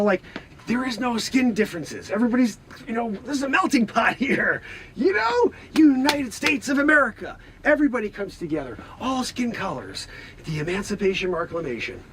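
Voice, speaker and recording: A man's voice: very high voice, a little hiss or hum, full character voice. A man playing a boastful, melodramatic time-traveling man who rants in exasperation in an improvised comedy sketch. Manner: exasperated rants, shouting, frequent exclamations.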